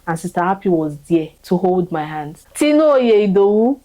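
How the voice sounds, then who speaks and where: Young woman, mellow warm voice, fervent, emotional thank-you testimony. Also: fairly low pitch, very animated, normal speed, low-quality recording. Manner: fervent, repetitive, voice rising with feeling. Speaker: vlogger giving a testimony.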